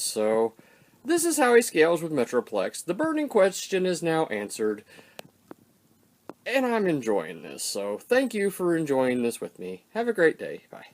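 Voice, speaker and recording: Chatty older man with a lively voice. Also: fairly high pitch, measured pace. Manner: rambling, self-deprecating, chatty. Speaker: toy reviewer. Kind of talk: casual vlog review.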